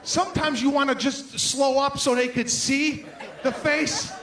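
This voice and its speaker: A man doing a stand-up comedy routine, exasperated and acting out characters, building to shouts. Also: very high-pitched, fairly even intonation, unhurried. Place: comedy stage before a live audience. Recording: live show with crowd laughter and noise.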